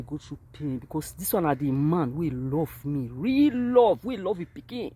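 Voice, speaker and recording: A Nigerian woman with a Nigerian Pidgin English accent, talking to her camera at a cemetery, moving between quiet grief and loud, animated outbursts. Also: low voice, normal speed, hardly any pauses, slightly rough. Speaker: vlogger. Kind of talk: emotional direct-to-camera monologue. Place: outdoors at a cemetery.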